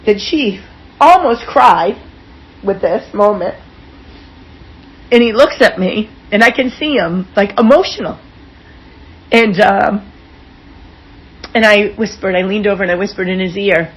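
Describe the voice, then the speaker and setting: A woman's voice: medium pitch, measured pace, pauses often, low-quality recording. Candid woman telling personal stories. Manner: frank and expressive, with casual swearing. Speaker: keynote speaker, interview guest. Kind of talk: candid personal storytelling in an interview.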